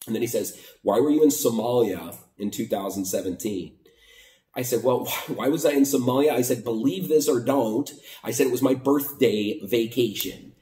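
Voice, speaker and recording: A man's voice: mid-range voice, moderate pace, dark tone, reverberant, recorded from a distance. A man from the United States casually retelling a border crossing story, acting out both sides of the conversation. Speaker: vlogger.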